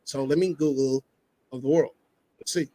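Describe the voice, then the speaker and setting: A man's voice: medium pitch, fairly even intonation, normal speed, warm tone, dry recording. A man co-hosting a podcast in casual chat, thinking aloud and working through numbers with many restarts.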